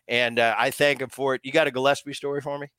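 Middle-aged male host, animated yarn-spinner, dry close sound, mid-pitched. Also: fast talker, smooth, no room sound. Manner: animated storyteller acting out quotes. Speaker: podcast host, former ballplayer. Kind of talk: casual storytelling chat.

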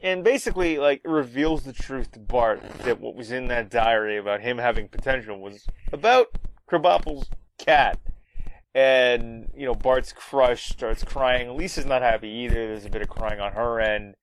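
A man's voice: medium pitch, moderate pace, a little hiss or hum, poor audio. A man casually recapping a cartoon episode in a rambling way, full of fillers. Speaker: podcast host recapping an episode.

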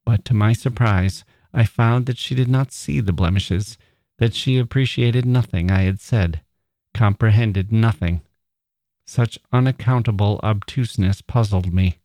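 A man reads an old short story in a measured, steady way. His voice is low and the recording is close and dry. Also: dry recording. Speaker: podcast host reading a short story. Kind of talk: literary story reading.

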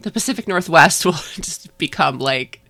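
A woman's voice: low-pitched, animated, moderate pace, sharp tone. A woman co-hosting a podcast, rambling casually with fillers and laughs. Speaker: podcast co-host. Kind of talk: casual chat.

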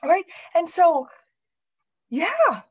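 A woman's voice: very high-pitched, extremely slow, poor audio. A woman in her thirties candidly telling a personal story, laughing often and acting out her own inner voice. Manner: expressive, laughs often while talking; lively acted-out inner voice.

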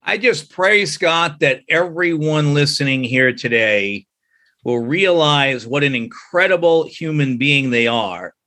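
A man with a bright, forceful, slightly high voice recounts a personal story as a podcast guest. He speaks earnestly and with animation, slipping into the voices of the people he quotes. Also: lively intonation, a little slow. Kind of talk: personal storytelling in a faith-based interview.

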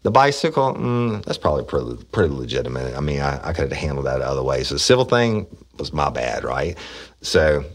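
A middle-aged man with an extremely low, deep voice tells old police stories. He talks in a blunt, folksy, profane way and often restarts his sentences. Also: big pitch swings, brisk. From Louisiana, USA. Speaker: podcast host, former police officer. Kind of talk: casual storytelling.

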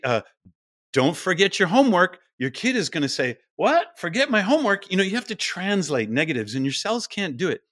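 A middle-aged man, a podcast guest, explaining things in a lively interview style and now and then acting out quoted voices. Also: fairly high pitch, no room sound, studio quality.

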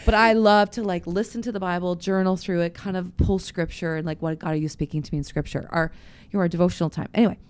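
A woman pastor in a relaxed faith chat, her voice set a little low. She tells candid, confessional stories, stopping and restarting as she goes. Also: fast, clear, resonant tone. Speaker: pastor and podcast co-host.

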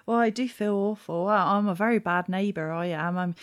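A woman's voice: medium pitch, a little fast, lightly acted. A woman voicing a folksy, old-fashioned male farmer who talks in a homely, rambling way. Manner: homely, rambling, rustic turns of phrase.

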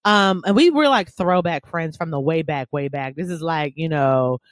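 A woman co-hosting a casual chat, expressive and full of loud, hyped-up mimicry. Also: low-pitched, normal speed, dry recording, clean studio sound.

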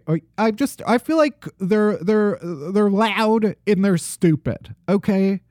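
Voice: medium pitch, darkish tone, no echo, clean studio sound. A podcast host with a Midwestern American accent, talking in a sarcastic, ranting way about odd news. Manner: sarcastic, ranting, lots of restarts. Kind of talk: casual comedic news chat.

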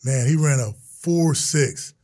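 A middle-aged man, a guest in an interview, telling stories in a lively way and acting out the quotes. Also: fairly high pitch, takes it slowly, no echo, studio quality. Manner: animated storyteller, acts out quotes, exclamations. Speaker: interview guest, retired football player. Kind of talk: casual interview storytelling.

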